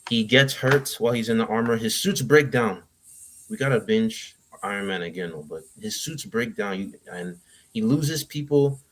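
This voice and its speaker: Young male guest, slightly low voice, halting and rambling. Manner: rambling, halting with restarts and fillers. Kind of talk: casual chat, giving advice.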